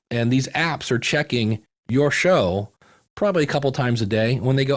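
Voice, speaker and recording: A man, a podcasting coach, talking casually as a guest and acting out the voices in his stories with lively energy. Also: medium pitch, moderate pace. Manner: animated storyteller, acts out quoted voices. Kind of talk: casual interview chat.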